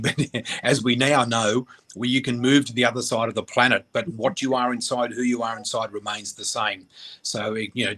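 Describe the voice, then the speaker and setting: A middle-aged man from Australia, a radio guest, telling a personal story in a halting, emotional way with many fillers. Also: mid-range voice, bright, forceful tone, slightly rough.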